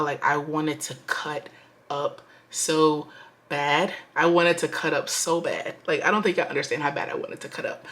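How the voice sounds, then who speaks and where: A young woman tells a chatty storytime to her viewers, slangy and full of asides. Her voice sits a little low but comes out bright and forceful. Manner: animated, slangy, lots of "like" and "y'all". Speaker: budgeting vlogger.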